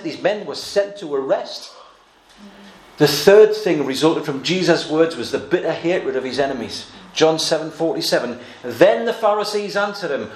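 A man preaching a sermon, explaining Bible passages verse by verse with a touch of humor. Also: a little high. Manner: expository Bible teaching with light humor. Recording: echoey room, faint background noise.

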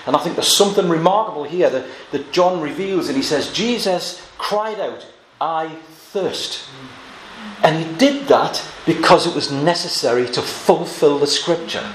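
An earnest male preacher delivering a Bible sermon, reading scripture quietly and then pressing his points with sudden emphasis. His voice sits a little higher than most men's. The room is echoey, with a faint hum of ambience behind him. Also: fairly quick, hardly any pauses.

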